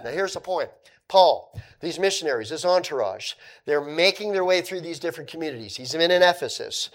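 A man's voice: a little high, animated, a little fast. Conversational male pastor preaching. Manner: conversational, swings from emphatic to quiet asides. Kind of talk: sermon.

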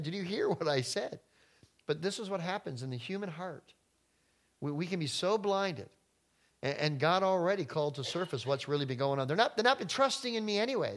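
Animated preaching man, fairly high voice. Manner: animated preaching, reads scripture aloud, rhetorical questions. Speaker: pastor. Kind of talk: sermon.

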